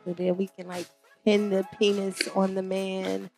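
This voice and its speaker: Woman guest, slow-spoken, teasing and giggly, faint music behind. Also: medium pitch, flat delivery, gravelly, darkish tone. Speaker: podcast guest. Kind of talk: casual chat.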